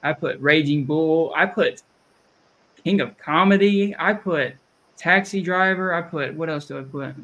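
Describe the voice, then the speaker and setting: A man's voice: a little high, fairly bright tone. Chatty Southern man hosting a podcast. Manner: rambling, chatty, restarts sentences. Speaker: podcast host. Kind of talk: casual chat.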